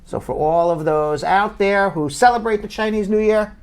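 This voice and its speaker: A man in a casual live show, an immigration lawyer and host, swinging from loud joking to sober explanation. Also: high-pitched, normal speed, smooth.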